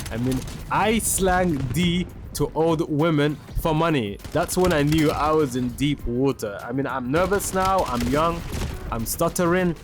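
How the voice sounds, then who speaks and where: A man's voice: fairly high pitch, unhurried. A young man streaming a game and casually telling a story, full of slang, who breaks off now and then to react to the game. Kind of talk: casual storytelling over gameplay. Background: game music and gunfire.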